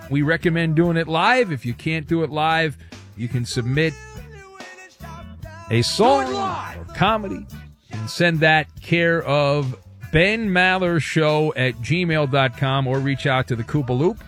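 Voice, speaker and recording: A man hosting a radio talk show, joking and brash as he reads listener questions. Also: fairly high pitch. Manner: brash, joking, quick asides.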